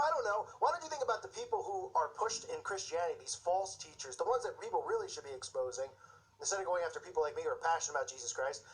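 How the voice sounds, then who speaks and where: A man's voice: high-pitched, poor audio. A man giving impassioned video commentary, fired up and sarcastic, slipping into mocking voices. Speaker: Christian commentator.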